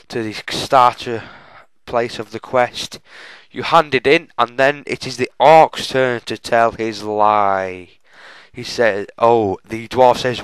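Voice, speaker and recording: A man's voice: mid-range voice, a bit bright, smooth, no echo, poor audio. A young man giving chatty, self-mocking walkthrough commentary on a game, often addressing viewers as folks. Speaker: gaming channel host.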